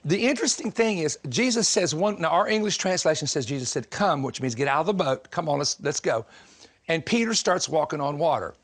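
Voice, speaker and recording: A man from the southern United States preaching a sermon, telling stories in an animated, joking way and laughing often. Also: on the high side, brisk, hardly any pauses. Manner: animated, humorous storytelling with frequent laughter.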